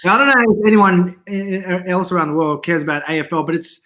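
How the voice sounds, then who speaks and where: A man, a comedian guest in a casual interview, telling animated anecdotes and laughing often. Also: high voice, fairly quick. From Australia.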